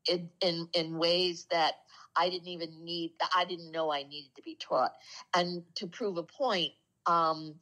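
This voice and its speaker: A woman telling heartfelt personal stories in a casual spiritual talk, earnest and slowing down softly for the emotional moments. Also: fairly low pitch, steady tone, poor audio. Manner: earnest, slows down and drops soft for emotional moments. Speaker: co-host of a spiritual talk show. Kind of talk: casual conversational storytelling.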